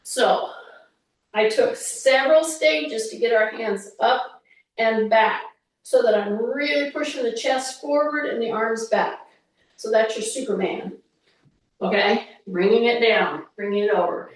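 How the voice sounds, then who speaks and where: A woman with a high voice leads a workout, coaching in an unhurried, chatty way with the odd teasing aside. She sounds some way off from the mic in a very echoey room. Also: recorded from a distance. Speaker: fitness instructor. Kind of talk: workout instruction.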